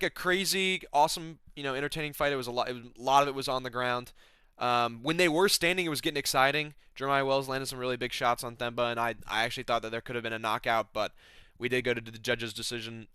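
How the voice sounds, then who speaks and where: A young man giving a casual fight recap, excited and sarcastic, full of fillers and repeated words. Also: mid-range voice, smooth, no echo. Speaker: MMA recap host.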